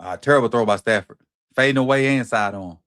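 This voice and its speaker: A middle-aged man hosting a watch party, calling plays live with excited, slangy reactions. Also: mid-range voice, fairly quick. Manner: excited, animated play-by-play reactions with Southern slang. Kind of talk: live football watch-along commentary.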